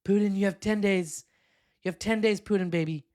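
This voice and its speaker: Man putting on a brash bragging politician, pitched up, cocky threats, rough impression. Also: fairly even intonation, a little fast, darkish tone, lightly acted. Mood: boastful. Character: boastful blustering male politician impression.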